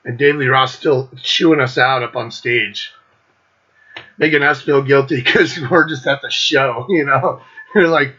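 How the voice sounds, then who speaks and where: Man, middle-aged, casual rambling storytelling, profane, laughing, bright husky voice, dull lo-fi sound. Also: mid-range voice, unhurried. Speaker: host.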